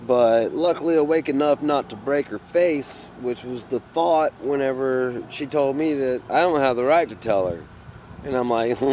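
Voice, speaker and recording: A man rambling in a casual vlog, swearing freely and saying "you know" constantly, and getting loud and heated when he tells a story. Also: mid-range voice, unhurried, a little hiss or hum. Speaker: vlogger. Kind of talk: rambling casual monologue to camera.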